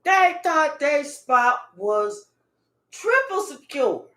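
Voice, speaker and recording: A woman giving a casual tarot reading, animated and profane, with emphatic outbursts. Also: high-pitched, drawn-out words, echoey room. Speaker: tarot reader.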